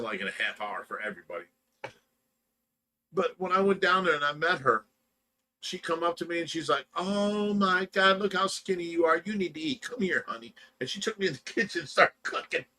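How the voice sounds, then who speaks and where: Bright-voiced man telling rambling stories. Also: medium pitch. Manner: rambling, laughs through his own stories. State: tired from lack of sleep. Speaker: livestream host. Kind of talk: casual storytelling chat.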